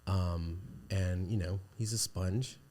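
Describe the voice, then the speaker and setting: A man in his forties with a deep, low voice talks as a podcast guest. He rambles and restarts his sentences in a casual conversational way. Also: fairly even intonation, takes it slowly, mellow. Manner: rambling, with many restarts and fillers.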